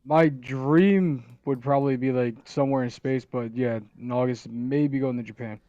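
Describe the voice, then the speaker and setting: A man on a casual talk show panel, telling a story in an excited, rambling way. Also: medium pitch, normal speed, no room sound, lo-fi sound. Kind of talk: casual chat.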